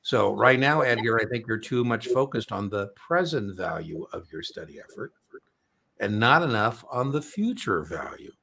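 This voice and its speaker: A man's voice: lowish voice, animated, moderate pace, gravelly, sharp tone, a little hiss or hum. A middle-aged man hosting an exam prep live stream, chatting casually and telling rambling, joking stories.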